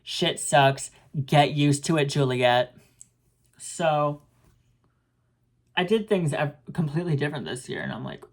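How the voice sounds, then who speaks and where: A woman's voice: low-pitched, a little slow, pauses often. A young woman telling a casual storytime with lots of swearing, acting out what people said. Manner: animated, swearing, acts out quoted voices.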